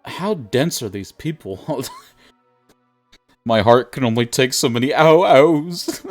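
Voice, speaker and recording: A male streamer reads a visual novel aloud in an unhurried, drawn-out way, breaking off to joke with his chat. His pitch swings widely as he reacts, and he laughs a lot. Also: sing-song, faint music behind. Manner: casual, laughs often, chats with viewers.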